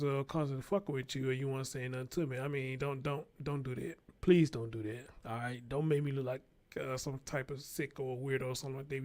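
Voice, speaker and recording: Hosting his own show, a man with a mid-range voice delivers blunt, profane, unscripted commentary. He keeps repeating his points to drive them home.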